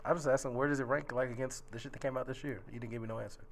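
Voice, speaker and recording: A man's voice: medium pitch, steady tone, very fast, gravelly, slight background noise. A man co-hosting a casual podcast, pressing the others with questions. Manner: pushy, questioning. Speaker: podcast co-host. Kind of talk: casual chat.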